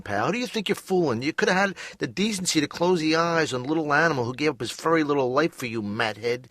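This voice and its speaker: A man's voice: mid-range voice, fairly bright tone, dry recording. A man voicing a neurotic, needy cartoon therapy patient who rambles and complains in a self-pitying way. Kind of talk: animated sitcom voice acting.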